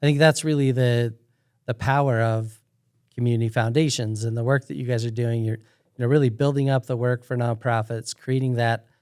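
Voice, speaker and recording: Man host, mid-pitched, earnest and encouraging, dry close podcast mic. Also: fairly even intonation, moderate pace, a little mellow, smooth, no echo. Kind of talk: casual podcast conversation.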